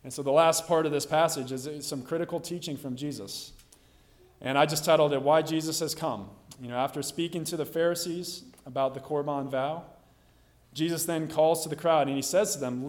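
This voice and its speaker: A man's voice: on the high side, fairly even intonation, normal speed. A man preaching a sermon, explaining a scripture passage in an earnest way, with many "you know" fillers.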